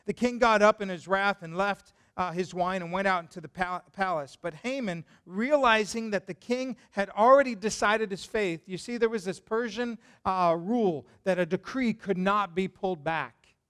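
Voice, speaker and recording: A man preaching a sermon as a pastor, retelling a Bible story in an animated, conversational way and putting questions to the listeners. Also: high-pitched, moderate pace, clean tone.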